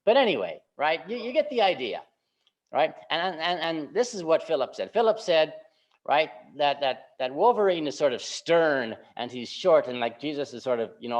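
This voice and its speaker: A male pastor giving a relaxed, conversational sermon, often checking in with the congregation by asking "right?". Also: mid-range voice. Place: church sanctuary. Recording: slightly muffled church recording.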